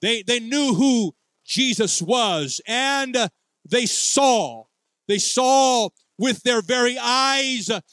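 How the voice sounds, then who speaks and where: A man preaches a church sermon in a high voice, calling out for the congregation to answer him. He moves at an unhurried, deliberate pace, drawing out his phrases in prayer. The sound is dry and close, with little room echo. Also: lively intonation, a bit bright. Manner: calls for congregation responses, leads prayer with drawn-out phrases. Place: church sanctuary.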